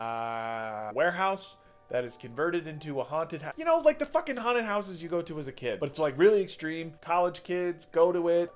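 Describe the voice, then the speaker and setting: A man casually reviewing horror movies, rambling, swearing and correcting himself as he goes. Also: on the high side. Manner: rambling, profane, self-correcting.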